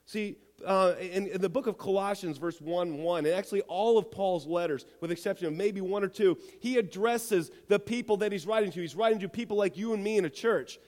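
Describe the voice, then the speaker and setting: A man's voice: high-pitched, fairly quick, hardly any pauses, darkish tone. A male pastor preaching a sermon and reading scripture, emphatic, repeating phrases and firing rhetorical questions at the congregation. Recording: long hall reverb.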